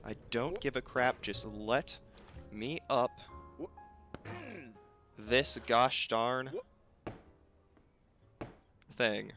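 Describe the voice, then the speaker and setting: A man's voice: medium pitch, fairly even intonation, very slow, long pauses, sharp tone, faint music behind. A young man commentating his own gameplay, exasperated and bickering aloud with the game and himself. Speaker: gaming video host.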